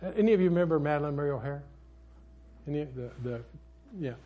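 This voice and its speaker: An older man preaching a sermon as a pastor, folksy and rambling, with sudden loud outbursts in his storytelling. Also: fairly high pitch, fast, muffled recording.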